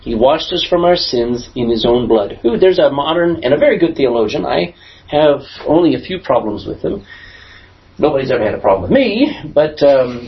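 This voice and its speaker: A man leading a Bible class, his voice swinging up and down with lively emphasis as he quizzes the room. Slightly high for a man. The recording is dull and lo-fi. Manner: asks the class questions, lively emphatic delivery. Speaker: pastor teaching a Bible class. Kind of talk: conversational Bible teaching.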